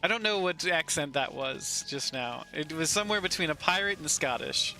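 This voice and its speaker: A man's voice: on the high side, animated, moderate pace, sharp tone. A man streaming a video game, making casual, joking asides as he plays. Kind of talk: casual gaming commentary. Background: game music.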